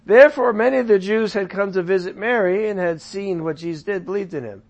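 A man teaches a Bible passage in an easygoing, conversational way. His voice sits a bit high, and he keeps breaking off into chatty asides. He swings from loud emphasis down to near-murmurs. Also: a little fast. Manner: chatty, paraphrases scripture loosely with asides; lively shifts from loud to soft. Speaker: Bible study leader.

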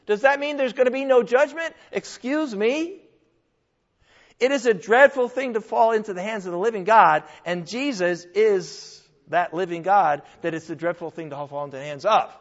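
A high-voiced man preaches at a moderate pace, emphatic and conversational, firing off one rhetorical question after another. The sound is dull, captured in a reverberant hall.

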